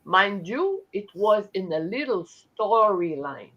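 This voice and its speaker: A woman's voice: mid-range voice, big pitch swings, fairly bright tone, dull audio. A woman with a French Canadian accent, a native French speaker, chatting casually on a live stream with many restarts. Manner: chatty, halting with restarts, talks with her hands. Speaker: host.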